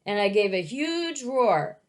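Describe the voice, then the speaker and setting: A gentle young male dragon from a storybook tells his own tale earnestly, read by a woman in her everyday voice. He sounds eager and sincere, with a voice sitting at an ordinary middle pitch. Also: big pitch swings, slow.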